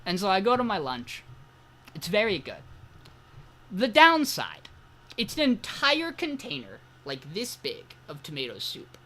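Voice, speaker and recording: A man's voice: high voice, huge pitch swings, a little slow, sharp tone. Podcast guy rambling thru a funny story, voice jumps all over, laughs n swears a lot. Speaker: podcast co-host. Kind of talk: casual anecdote telling.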